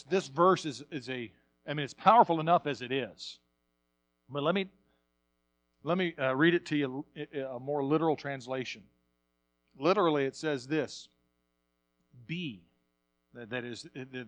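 A male pastor preaching a sermon, repeating words as he builds up, swinging from quiet asides to loud bursts. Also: mid-range voice, no echo.

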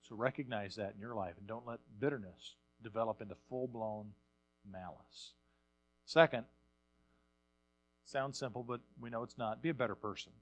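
A male pastor preaching a sermon, repeating words as he builds up, swinging from quiet asides to loud bursts. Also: mid-range voice, normal speed, pauses often, no room sound.

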